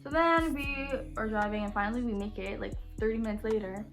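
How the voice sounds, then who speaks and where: A young woman telling a casual storytime on her channel, animated and blunt, saying "like" and "literally" constantly. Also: medium pitch, fast talker, faint music behind. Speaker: YouTuber.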